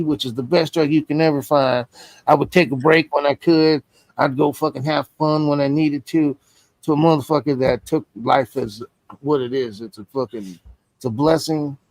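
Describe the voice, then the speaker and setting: A man's voice: medium pitch, no echo, poor audio. A man telling a personal story in casual stream chat, blunt and heavily profane.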